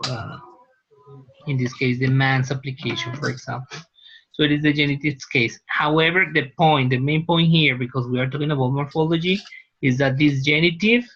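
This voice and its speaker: A man's voice: mid-range voice, fairly bright tone, lo-fi sound. A man, a teacher giving a university lecture, explaining patiently and often checking that students follow. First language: Spanish.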